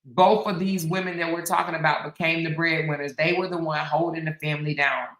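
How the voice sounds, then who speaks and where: A woman hosts an opinionated commentary monologue, speaking emphatically and repeating her points. She keeps checking in with the listener. Her voice is bright and sounds roomy, with a noticeable echo. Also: low-pitched, fairly even intonation, a little fast. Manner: emphatic, repeats phrases, frequent "right?". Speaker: commentary host.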